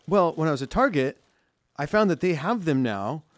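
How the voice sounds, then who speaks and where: A man's voice: on the high side, moderate pace, no echo. A man in his thirties co-hosting a podcast, chatting playfully and with energy while handing over gifts. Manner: playful, animated gift-giving banter. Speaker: podcast co-host. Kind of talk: casual chat.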